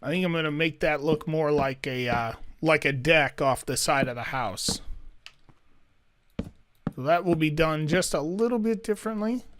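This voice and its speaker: A man's voice: fairly high pitch, moderate pace, fairly bright tone, clear, resonant tone. A man giving let's play commentary as he builds, thinking aloud and talking to himself as he goes. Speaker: gaming YouTuber.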